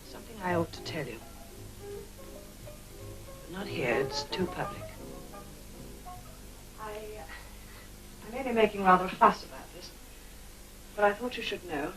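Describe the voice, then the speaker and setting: Woman doing a guarded young 1950s fashion model, hushed and careful, faint music behind. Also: mid-range voice, expressive, unhurried, pauses often, recorded from a distance, lightly acted, rough recording. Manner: reserved, hushed, then sharp. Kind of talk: 1950s film acting.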